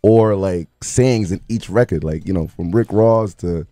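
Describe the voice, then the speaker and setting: A man's voice: deep voice, measured pace, mellow, dry recording. A man hosting a radio show, bantering casually with profanity and laughter. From Haiti. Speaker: radio DJ host. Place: radio studio.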